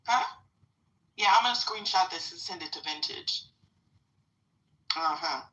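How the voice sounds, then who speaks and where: A woman's voice: fairly low pitch, a little slow, sharp tone, recorded from a distance, lo-fi sound. A middle-aged woman hosting a live audio chat room, talking bluntly and casually, swearing freely and addressing the listeners directly.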